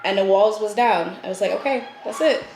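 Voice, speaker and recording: A woman with a mid-pitched voice, talking things through in a reflective way and leaning on "like" as she goes. The room around her is echoey, with a faint background hum. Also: fairly quick, darkish tone. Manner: reflective, explains herself with many "like"s. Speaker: podcast co-host. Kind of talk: casual chat.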